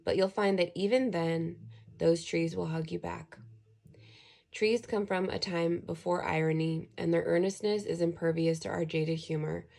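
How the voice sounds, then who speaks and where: A woman's voice: lowish voice, steady tone, moderate pace, creaky, darkish tone. A woman giving a casual pick-a-card tarot reading, chatty and earnest, reading card texts aloud and adding her own thoughts. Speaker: tarot reader.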